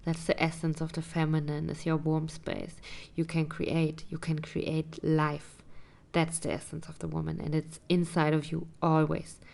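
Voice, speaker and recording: A woman talking through her personal experience in a reflective vlog, hesitant and searching for words, sometimes dropping to a soft whisper. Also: deep voice, monotone, measured pace, gravelly. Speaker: vlogger.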